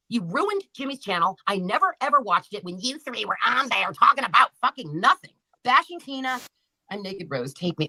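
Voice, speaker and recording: Woman streamer, scornful and profane, bright tone, swooping pitch, dry close sound. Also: big pitch swings, fast, no room sound. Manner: profane, taunting, insulting viewers by name. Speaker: livestreamer. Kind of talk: angry livestream rant.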